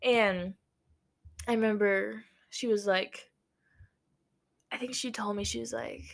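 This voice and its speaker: A young vlogger from Nebraska, USA, casually tells a story to camera, chatty, laughing often and saying "like" a lot. Her voice is mid-range and creaky, with fairly even intonation at a slow pace.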